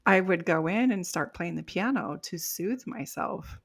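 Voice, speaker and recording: A woman's voice: on the low side, animated, a little slow, gravelly, husky. A middle-aged woman, a life coach guest on a podcast, talking reflectively and laughing lightly as she explains. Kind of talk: casual podcast interview.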